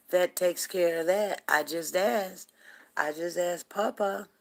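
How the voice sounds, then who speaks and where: A woman's voice: on the low side, takes it slowly, vocal fry. A woman hosting a casual livestream, rambling chattily and talking straight to her viewers. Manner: greets viewers from the chat by name. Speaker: livestream host.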